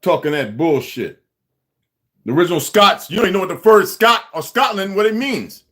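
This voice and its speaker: A man's voice: high-pitched, expressive, fairly quick, a bit bright. Man ranting angrily on a livestream. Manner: aggressive, profane, confrontational. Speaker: livestream host. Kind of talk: angry livestream rant.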